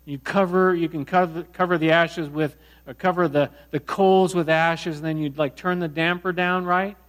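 A middle-aged man preaching a sermon, telling a personal story in a conversational, animated way with many restarts. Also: on the high side, normal speed. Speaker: pastor.

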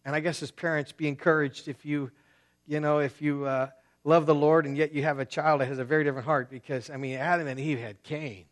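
A man preaching a sermon as pastor, talking casually and swinging between loud bursts and hushed asides. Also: a little high, fairly even intonation, brisk.

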